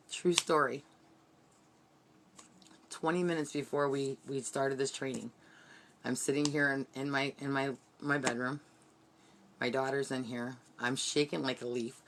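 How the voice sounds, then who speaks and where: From her bedroom, a woman with a very deep voice leads an earnest, heartfelt motivational training for her team, repeating her pep-talk points. There's slight background noise.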